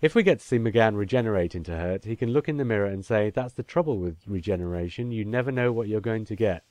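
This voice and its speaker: Male podcast co-host, lower voice, chatty, dry close mic. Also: lively intonation, quick pace, darkish tone, no echo. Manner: chatty, reads listener emails aloud. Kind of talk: casual podcast discussion.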